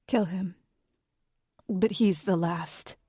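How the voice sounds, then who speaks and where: A woman voicing a guarded, weary young woman in a whispered role-play, speaking in a soft, hushed way. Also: on the low side, fairly even intonation, slow, slightly rough, no echo, studio quality.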